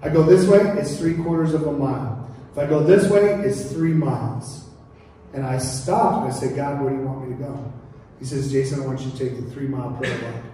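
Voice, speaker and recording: A man preaching a sermon as pastor, telling stories in a lively, joking way. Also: medium pitch, a little fast, a little hiss or hum. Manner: storytelling, animated and joking. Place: church sanctuary. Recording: echoey church hall from far off.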